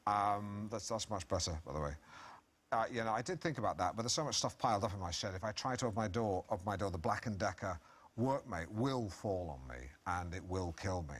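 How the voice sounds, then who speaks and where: A middle-aged man reads from his own memoir to an audience, his voice sitting a little low. His manner is pompous and pleased with himself, delivered completely deadpan. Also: fast talker. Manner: pompous, self-satisfied, deadpan. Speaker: author at a book reading. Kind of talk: comic reading from his own book, then Q&A.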